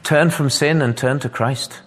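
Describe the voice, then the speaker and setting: A man's voice: mid-range voice, unhurried, big-room sound. A man preaching a sermon, earnest and rising to fervent, emphatic peaks.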